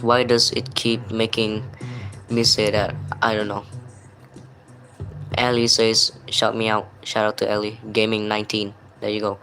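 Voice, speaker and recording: Man, livestream host reading chat, slow and flat, bright tone, faint music underneath. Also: lowish voice, poor audio. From Malaysia. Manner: plain, apologetic chat-reading. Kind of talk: reading live chat aloud.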